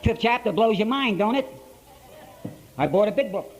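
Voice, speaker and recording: An older man with an Ohio accent tells his story in a gruff, blunt working-man way. His voice sits a little high for a man, and he hammers points home by repeating phrases. He is speaking live to a conference crowd. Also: lively intonation, moderate pace, slight background noise, rough recording. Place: conference hall, live talk to an audience.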